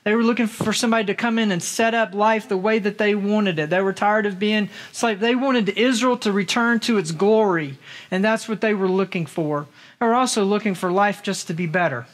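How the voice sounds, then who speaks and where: Male pastor, high-pitched voice, casual sermon delivery with questions to the congregation. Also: brisk. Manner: conversational, rhetorical questions to the congregation. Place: church in Las Vegas.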